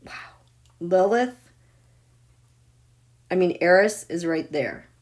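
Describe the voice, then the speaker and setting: Slow-talking excitable woman reading charts. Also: lowish voice. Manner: excitable, gushing, swings from loud exclaiming to near whispers. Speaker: astrology and tarot livestream host. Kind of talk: live astrology chart reading.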